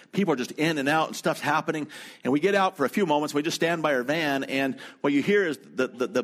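A man preaching a sermon as a pastor, telling a travel story in a conversational way and turning to speak directly to his congregation in the room. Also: fairly high pitch.

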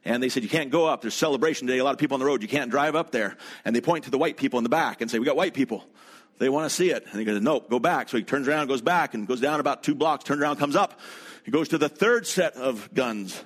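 A man's voice: medium pitch, quick pace, slightly rough. A man preaching a sermon as a pastor, telling a travel story in a conversational way and turning to speak directly to his congregation in the room.

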